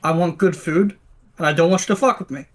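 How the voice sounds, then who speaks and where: A man's voice: fairly high pitch, fast, voice pushed up, lightly acted. A man voicing a crude, pushy male tiefling adventurer in a mock tough foreign accent, during a tabletop game.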